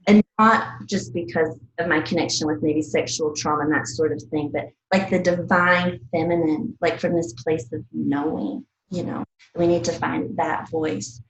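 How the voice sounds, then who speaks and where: A woman's voice: low voice, steady tone, moderate pace, echoey room, a little hiss or hum, low-quality recording. A woman from the American South, an herbalist teacher, speaking in an earnest, reflective way and often laughing and acting out little bits of dialogue. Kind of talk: reflective casual talk.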